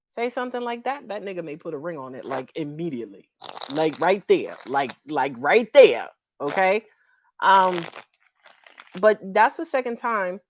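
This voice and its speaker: A woman's voice: fairly low pitch, sing-song, moderate pace, muffled recording, slight background noise. A woman giving a casual tarot reading to viewers. She is chatty, frank and playful, and she swears freely. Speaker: tarot reader.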